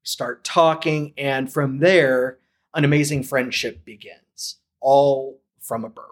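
A man from St. Louis telling his story as a podcast guest, animated and acting out the lines of people he quotes. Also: mid-range voice, slow. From St. Louis, USA. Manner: animated, acts out quoted dialogue. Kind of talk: casual storytelling.

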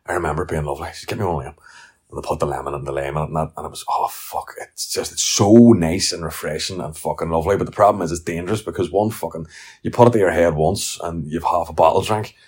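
A man's voice: low voice, fairly even intonation, fast talker, a little mellow, breathy edge. A middle-aged man with a Northern Irish accent, ranting and telling blunt, sweary stories as a podcast host. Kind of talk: casual ranting monologue.

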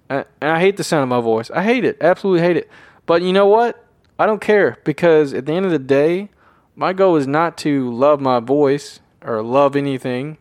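A man's voice: mid-range voice, dry recording. Rambling man with a dry close voice. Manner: rambling, self-deprecating, emphatic. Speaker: podcast host. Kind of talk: unscripted solo talk.

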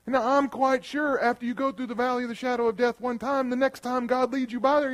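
A man preaching a sermon in a church room, who moves from loud bursts to quiet, earnest passages and acts out the voices he quotes. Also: very high voice, animated, moderate pace. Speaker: pastor.

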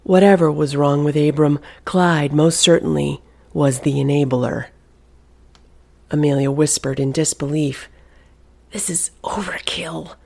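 Gravelly husky audiobook narrator. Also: mid-range voice, darkish tone.

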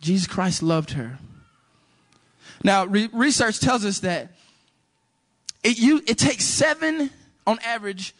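Guy preaching, high voice, tells a story and acts out the voices. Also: slow pace, pauses often. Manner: animated storytelling, acts out dialogue. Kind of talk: sermon with personal story.

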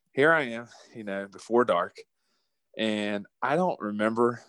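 A man from West Virginia, telling a hunting story in an animated, folksy way with frequent laughs. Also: medium pitch, slow, long pauses, dry recording. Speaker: guest. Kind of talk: casual storytelling.

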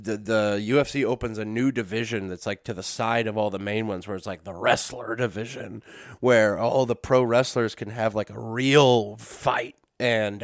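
A man's voice: lowish voice, no echo. Rambling, swearing male podcast host, dry sound. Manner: rambling, self-correcting, with frequent fillers and swearing. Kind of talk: casual solo podcast talk. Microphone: dusty podcast microphones.

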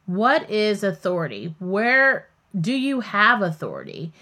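A woman hosts a podcast and tells a story in a candid, chatty way, stopping to wander off on tangents. Her voice sits at a middle pitch and rises and falls a lot. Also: big pitch swings, unhurried, bright, forceful tone. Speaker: podcast host. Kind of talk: casual storytelling.

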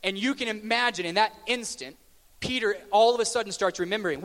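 A man delivers a sermon in a relaxed, conversational way, cracking jokes and slowing down to press his questions. His voice sits high for a man. The sound carries the long reverb of a church hall. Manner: conversational and joking, with slow emphatic questions. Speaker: preacher.

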